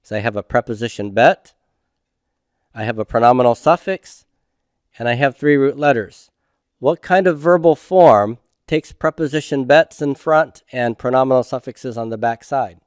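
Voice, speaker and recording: A man's voice: mid-range voice, moderate pace, clear, resonant tone, no room sound. Man, middle-aged, grammar lecture, patient, questions then answers, dry close sound. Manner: patient, asks students questions then answers them himself. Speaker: Hebrew grammar teacher. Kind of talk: recorded classroom lecture.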